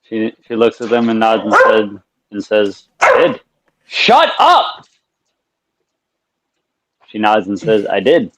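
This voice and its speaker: A man playing a tabletop game, slowly narrating his character in the third person. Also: on the low side, flat delivery, no echo, poor audio. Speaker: player. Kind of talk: tabletop role-play chat.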